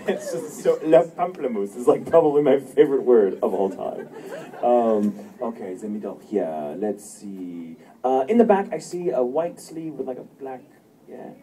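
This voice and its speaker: Animated man telling panel stories. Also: mid-range voice, normal speed. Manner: animated, laughs often, acts out quotes. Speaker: voice actor at a fan panel. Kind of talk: convention Q&A storytelling. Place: convention panel room. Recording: distant fan recording with room noise.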